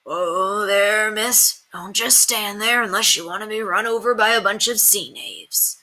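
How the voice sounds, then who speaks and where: A woman voicing an old male coachman in a storybook, drawling as he calms the horses. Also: medium pitch, a little slow, pitched above the performer's own voice. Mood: urgent. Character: gruff old male coachman, steady and urgent.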